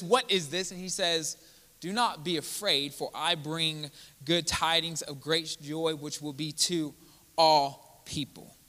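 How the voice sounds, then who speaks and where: Pastor, male, bright forceful sermon voice, reverberant sanctuary. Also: on the high side. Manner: earnest, building to emphatic preaching. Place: church sanctuary. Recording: church hall with long reverb.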